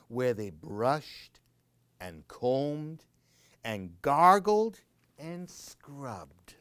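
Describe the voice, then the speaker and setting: A man reading a children's picture book aloud as a library storyteller, playing with sound words and dropping into hushed whispers. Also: mid-range voice, big pitch swings, very slow, smooth, no echo.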